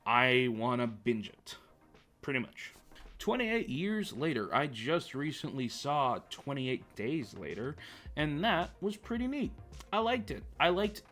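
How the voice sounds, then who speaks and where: A man's voice: medium pitch, very animated, a little slow, a bit bright, faint music behind. A man talking casually to camera about upcoming films, rambling with frequent stammered restarts. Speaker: movie vlogger. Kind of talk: casual chat.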